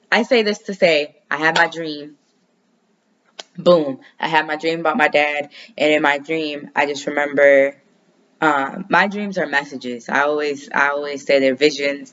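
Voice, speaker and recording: A woman's voice: low-pitched, a bit bright, dull audio. A woman chatting casually in a loose, rambling way and swearing freely as she talks through her dreams and astrology. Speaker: astrology vlogger. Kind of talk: casual personal chat.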